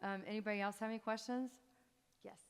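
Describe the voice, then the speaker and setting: A woman's voice: mid-range voice, fairly even intonation, fast. A woman in her forties, a songwriter telling stories and taking questions from a live theater audience in a chatty, self-interrupting way, often laughing. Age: 40s. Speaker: songwriter performing a one-woman show. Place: theater stage. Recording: long hall reverb, faint music.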